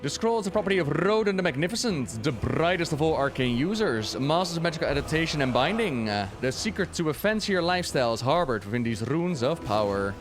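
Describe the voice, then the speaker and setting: A man with a slightly high voice streams a game and rambles through its lore. He jokes and swears casually as he plays. Quiet game music runs behind him. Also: sing-song, fast talker, few pauses. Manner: chatty, joking, swears casually. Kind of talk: casual lore commentary while playing.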